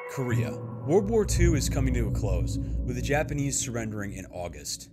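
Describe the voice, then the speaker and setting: A man giving scripted narration for a history video essay, with a dry, sardonic humor. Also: mid-range voice.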